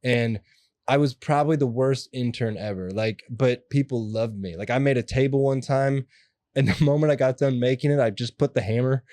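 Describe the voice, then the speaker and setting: A young adult man telling stories as an interview guest, animated and acting out the voices of people in them. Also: medium pitch, normal speed, no echo. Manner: animated, acts out quoted voices. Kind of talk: casual storytelling interview.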